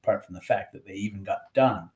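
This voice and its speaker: A man's voice: low-pitched, fast talker, highs cut off. A man who is a regular political columnist guest on a radio show, telling stories with wry asides. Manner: animated storyteller, wry asides. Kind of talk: radio commentary.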